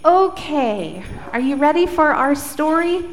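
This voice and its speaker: Woman pastor, high voice, slow unhurried delivery, animated storyteller, long church reverb, faint background noise. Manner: animated, coaxing storyteller with children. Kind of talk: prayer and children's storytelling. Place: church sanctuary.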